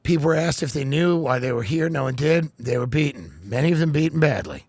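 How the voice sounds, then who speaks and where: A man's voice: a little high, expressive, brisk, darkish tone, no echo. A man hosting a podcast, reading news aloud and riffing on it with sarcastic, mock-earnest comedy. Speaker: podcast host.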